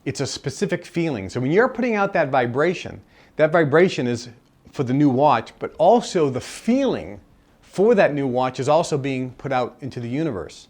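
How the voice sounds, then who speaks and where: A man's voice: medium pitch, big pitch swings, moderate pace, a little mellow. Earnest man teaching a live seminar. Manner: earnest, repeats key phrases for emphasis. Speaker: seminar speaker. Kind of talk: live self-help seminar talk. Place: seminar room with a live audience.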